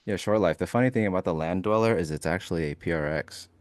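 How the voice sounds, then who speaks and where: A man's voice: deep voice, fast talker, dry recording, studio quality. A man co-hosting a live futures trading stream, bantering casually and acting out little scenes with put-on quotes. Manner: joking, animated storytelling with put-on quotes.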